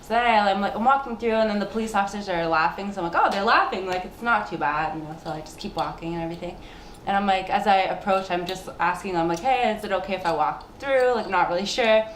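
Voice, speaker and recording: A woman's voice: mid-range voice, fast. Young woman, podcast co-host, casual storytelling, laughs often, echoey room, faint hiss. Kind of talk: casual chat.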